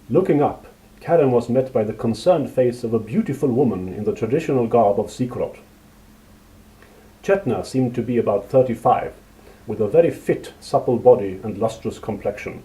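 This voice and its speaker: A man narrating a fantasy story in a steady, measured reading. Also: medium pitch, low-quality recording.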